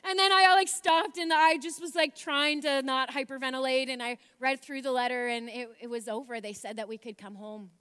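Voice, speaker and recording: A woman with a high, bright, piercing voice tells a personal story straight to camera. She is chatty and animated, leans on filler words and acts out exclamations and other people's replies as she goes. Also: normal speed, hardly any pauses, clean tone. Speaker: vlogger telling a personal story. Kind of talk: casual storytelling.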